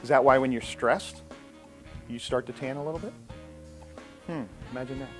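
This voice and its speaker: A man's voice: mid-range voice, moderate pace, soft background music. A man giving a classroom lecture on physiology, posing rhetorical questions.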